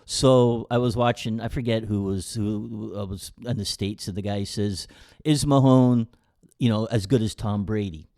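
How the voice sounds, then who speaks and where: A man co-hosting a podcast, retelling a story quickly and haltingly, with many fillers. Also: fairly low pitch, steady tone, darkish tone. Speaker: podcast co-host. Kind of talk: casual chat.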